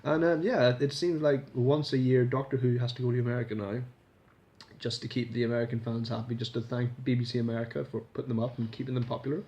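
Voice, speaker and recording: A man's voice: medium pitch, level tone, fast talker, dark tone, lo-fi sound. A man casually reviewing a TV episode in a rambling vlog, swearing freely and restarting his sentences. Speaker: video reviewer.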